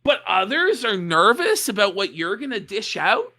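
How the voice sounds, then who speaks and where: A woman's voice: medium pitch, big pitch swings, normal speed, pushed and bright. A woman co-hosting a livestream, talking in a mocking, scornful and emphatic way. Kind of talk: heated commentary on a livestream.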